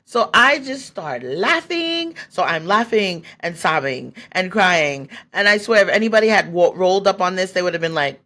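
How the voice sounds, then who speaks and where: At normal speed and with a sharp, expressive, fairly low voice, a podcast host in her forties shares a personal story. She's loose and candid, laughs a lot, uses plenty of fillers, and acts out her thoughts from that time.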